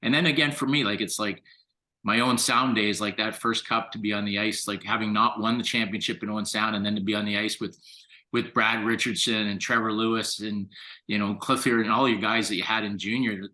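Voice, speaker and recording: A man, a guest on a hockey podcast, telling animated stories in casual chat and laughing often. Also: fairly low pitch, fairly quick.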